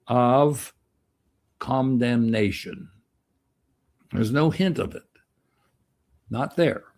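Older male Bible teacher, gravelly, loose and folksy, plays out the quotes. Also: medium pitch, a little mellow. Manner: rambling, folksy, acts out quoted voices. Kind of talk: informal Bible lecture.

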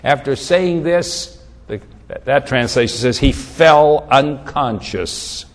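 A man's voice: medium pitch, expressive, slow. Preacher man in a reverberant hall. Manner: reads scripture aloud with rising emphasis, casual asides. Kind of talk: sermon, Bible exposition.

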